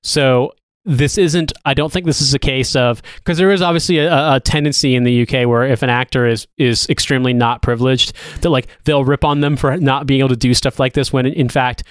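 A man co-hosting a podcast, rambling through a recap with lots of restarts and casual swearing. His voice is smooth and resonant. It is recorded dry and close to the mic. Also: medium pitch, steady tone, fairly quick, no echo. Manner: rambling, profane, with filler-heavy restarts. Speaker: podcast co-host. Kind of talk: casual chat.

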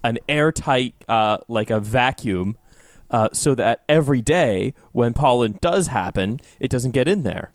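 A man's voice: medium pitch, animated, unhurried, dry recording, studio quality. A man co-hosting a podcast, talking through a TV episode in a rambling, wry way with many fillers. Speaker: podcast co-host. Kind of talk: casual chat recapping a TV episode.

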